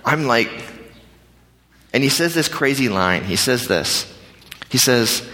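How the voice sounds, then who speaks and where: A pastor telling a personal story in a conversational, animated way, acting out the other people's lines. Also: male voice, mid-range voice, moderate pace, vocal fry. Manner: animated, conversational, acts out dialogue. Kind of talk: storytelling sermon. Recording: reverberant hall.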